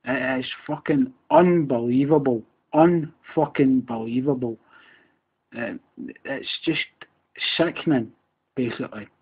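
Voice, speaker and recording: A man's voice: medium pitch, unhurried, husky. A Scottish man with a Glasgow accent, a bit drunk after a few beers, ranting on his podcast in a heated, sweary, repetitive way. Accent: Scottish, Glaswegian. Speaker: podcast host. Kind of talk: angry solo rant. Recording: tinny phone-quality recording.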